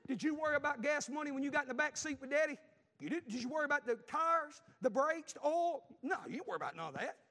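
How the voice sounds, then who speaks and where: A middle-aged man with a Southern US accent preaching a sermon, telling a family story and repeating lines as he swings from loud to hushed. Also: extremely high pitch, lively intonation, fast.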